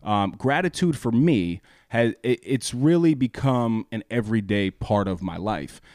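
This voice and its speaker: A young man co-hosting a podcast, talking earnestly in a halting way with many restarts. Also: lowish voice, expressive, darkish tone, dry recording, studio quality. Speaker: podcast co-host. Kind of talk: casual chat.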